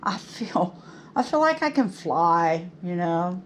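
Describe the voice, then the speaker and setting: Middle-aged woman hosting a craft channel, slow, gushing, chatty, faint room hiss. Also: on the low side, big pitch swings. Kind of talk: casual chat to camera.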